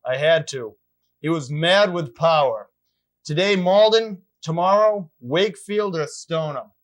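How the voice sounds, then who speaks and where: A man's voice: a little high, measured pace, close to an everyday voice. Man playing a pompous starship commander, stiff commanding tone, amateur comedy sketch, voice a bit off-mic. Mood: self-satisfied. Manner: stiff, self-important commanding tone. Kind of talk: low-budget TV sketch acting.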